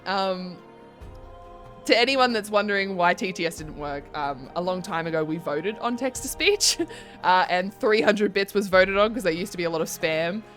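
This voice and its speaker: Her voice is lowish and fairly bright, moving at a moderate pace, as this young woman streams a game and talks loosely to her audience. She meanders, fills her speech with ums, and faint music plays behind her.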